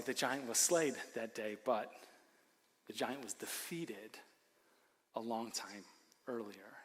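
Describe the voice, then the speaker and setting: A man preaching a sermon as pastor, animated, swinging between loud emphasis and hushed lines, with joking asides. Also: mid-range voice, takes it slowly, long pauses. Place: church. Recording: long hall reverb.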